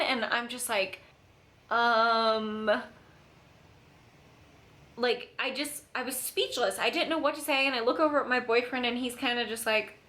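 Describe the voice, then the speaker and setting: A woman's voice: on the high side, fairly even intonation, unhurried, long pauses, sharp tone, slight background noise. A young woman telling a casual storytime to camera, chatty and full of "like". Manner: chatty, filler-heavy, lots of "like". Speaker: vlogger. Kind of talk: storytime vlog.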